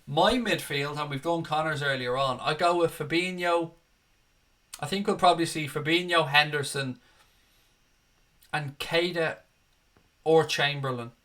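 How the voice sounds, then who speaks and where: Hosting a live fan stream, a young man reads out comments from viewers and chats easily, addressing them as mate. His fairly high, bright voice moves at a measured pace with frequent pauses.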